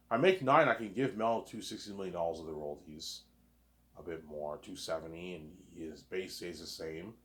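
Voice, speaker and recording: A man's voice: deep voice, fairly bright tone. A man rambling through a casual solo monologue, repetitive and profane, saying 'obviously' over and over.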